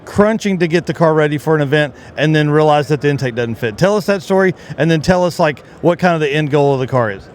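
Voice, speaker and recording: Hoarse, teasing male interviewer. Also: on the high side, lively intonation, fast talker, hardly any pauses, slight background noise. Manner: playful, teasing. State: voice worn out from shouting. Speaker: interviewer at a trade show booth. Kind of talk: casual interview. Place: busy trade show floor.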